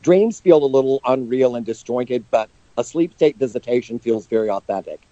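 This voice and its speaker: Man, psychic medium guest, earnest storyteller, muffled lo-fi phone line, middle pitch. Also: moderate pace, warm tone, dry recording. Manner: earnest, open about emotion. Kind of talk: phone interview, personal storytelling. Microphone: telephone.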